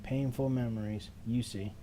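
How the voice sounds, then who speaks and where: A man voicing an eerie little ghost girl in a game, speaking softly and low in a coaxing way. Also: steady tone, moderate pace, heavy background noise, natural voice. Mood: creepy soothing. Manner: soft, low, hushed coaxing. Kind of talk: reading game dialogue aloud.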